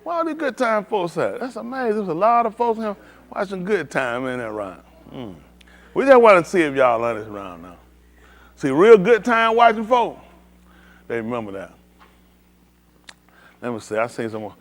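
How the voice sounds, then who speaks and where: A man's voice: high voice, sing-song, moderate pace, pauses often. A man hosting a playful trivia game with a room of people, teasing and calling on them by name. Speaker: host leading a group trivia game. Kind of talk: lively group banter.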